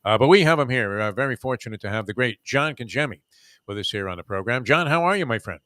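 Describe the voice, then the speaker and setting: A man's voice: mid-range voice, expressive, quick pace, fairly bright tone, no room sound, clean studio sound. A man hosting a sports talk show, joking and rambling through his introductions. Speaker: sports radio host.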